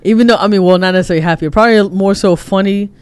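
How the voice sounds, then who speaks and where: High, smooth-voiced man hosting sports talk. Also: racing. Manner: laughs often, easygoing, steers topics. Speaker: podcast host. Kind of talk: casual sports chat.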